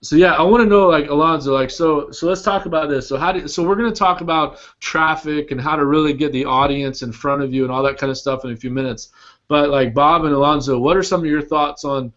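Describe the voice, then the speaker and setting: A man's voice: on the high side, fairly even intonation, a little fast, fairly bright tone. A man hosting a casual group call, asking long, rambling questions full of fillers. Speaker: host. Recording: dull lo-fi audio.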